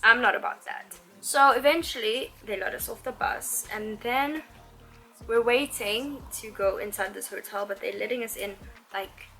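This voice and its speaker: A woman's voice: fairly high pitch, normal speed, rough recording. A woman in her twenties, telling a story vlog-style while getting ready, with plenty of "like" as she chats. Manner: animated storyteller, heavy use of "like". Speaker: vlogger. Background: background music.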